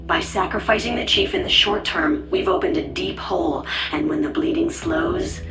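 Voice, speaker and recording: A woman voicing a secretive female hacker in an audio drama, calm and intense, with a soft, hushed delivery. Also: mid-range voice, normal speed, gravelly, roomy sound, over music. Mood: cold, intense. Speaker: anonymous leaker.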